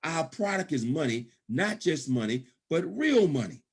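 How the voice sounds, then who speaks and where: Emphatic man pitching on a call. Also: very animated, moderate pace, husky. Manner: emphatic, repetitive, frequent "okay?" check-ins. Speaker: presenter of a business opportunity call. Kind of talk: sales pitch on a conference call.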